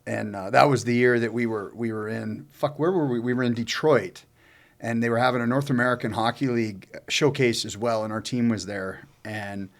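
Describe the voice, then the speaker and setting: A man's voice: mid-range voice, steady tone, normal speed. A man telling a long personal story in casual chat, rambling and profane, with many fillers and restarts. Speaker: co-host telling his own story.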